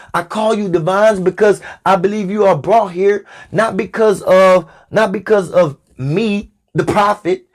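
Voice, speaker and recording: A man giving a preachy spiritual podcast monologue as a spiritual teacher, emphatic and repeating his phrases for stress. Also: a little high. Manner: addresses listener as "Divine".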